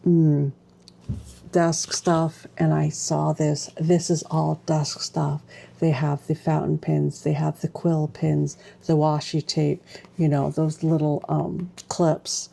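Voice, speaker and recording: A woman's voice: sits low, little pitch movement, slow, creaky, warm tone. A woman vlogger chatting casually through a stationery unboxing, gushing and exclaiming as she goes.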